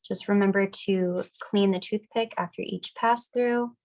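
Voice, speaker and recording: A young woman getting over a cold, teaching a relaxed, chatty, upbeat step-by-step decorating class. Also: mid-range voice, unhurried. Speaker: craft class instructor. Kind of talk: casual step-by-step demonstration.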